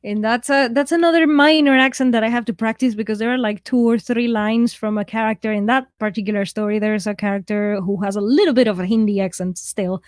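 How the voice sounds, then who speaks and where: Her voice fairly high and steady, this livestream host of a writing write-in talks a little fast with few pauses, and there's no echo. Her accent is mixed and shifting; she reads out viewer comments, laughs often, and pokes fun at herself in a casual way.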